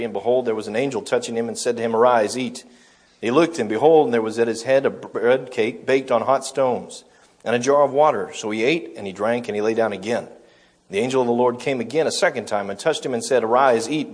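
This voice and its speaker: A man preaching a sermon, reading scripture aloud and explaining it, correcting himself now and then. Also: medium pitch.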